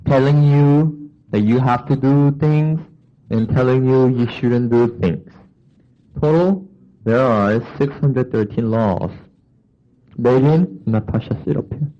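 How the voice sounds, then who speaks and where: A man's voice: mid-range voice, slow pace, highs cut off. A man preaching a sermon to a congregation, asking questions and acting out the voices of people and of God.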